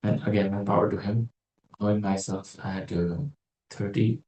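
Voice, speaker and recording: A man's voice: fairly low pitch, steady tone, moderate pace, mellow. A man giving an informal religious talk as a teacher, musing and digressive, with wry sarcastic asides. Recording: roomy echo, distant from mic.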